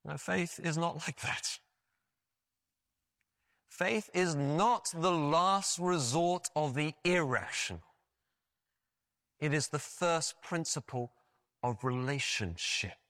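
Animated, bright-voiced male preacher. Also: a little high, slow pace, pauses often, no room sound, clean studio sound. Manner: animated storytelling with frequent restarts and "you know". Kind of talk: sermon.

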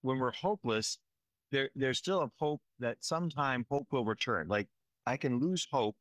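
A disaster relief worker gives a conversational field report, earnestly and emotionally describing the relief work and often checking in with "right?". His voice is medium-pitched and fairly bright, at normal speed, in a dry recording.

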